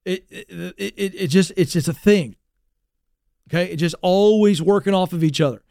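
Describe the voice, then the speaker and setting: A man with a fairly high speaking voice hosts a career advice talk show. He lays out his points emphatically and circles back to repeat them. The sound is close and dry. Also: normal speed, vocal fry, no room sound. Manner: energetic and emphatic, with repeated lines and asides.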